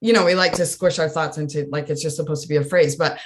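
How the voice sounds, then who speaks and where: A woman life coach talks as a podcast guest in a lowish voice. She is earnest and animated, and she laughs often as she explains. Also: quick pace. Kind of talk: casual interview chat.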